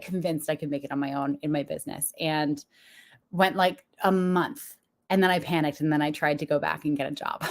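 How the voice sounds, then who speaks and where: A young adult woman with a slightly low-pitched voice speaks to her viewers as a business coach. She talks frankly and confessionally, breaking into frequent small laughs. Her tone stays candid and motivational.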